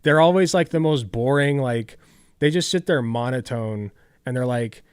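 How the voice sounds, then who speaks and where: A tired male streamer chatting casually to his viewers, rambling and swearing freely. His mid-pitched voice sits close and dry on a desk mic. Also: animated, brisk, clear, resonant tone, no room sound. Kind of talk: casual live-stream chat.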